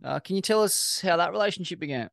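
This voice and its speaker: A relaxed man hosts a laid-back interview, his voice smooth and clean. He sounds close and dry, chatting like a mate and dropping the odd swear word. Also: high-pitched, fast talker, no echo. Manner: relaxed, blokey, swears casually. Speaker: podcast host. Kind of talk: casual interview.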